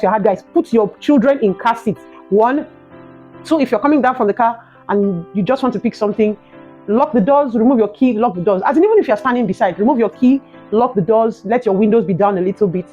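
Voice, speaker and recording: A young adult woman with a Nigerian accent, telling a personal story in a vlog, animated and emotional, ending in prayerful encouragement. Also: a little high, a little fast, faint music behind, rough recording. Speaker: vlogger.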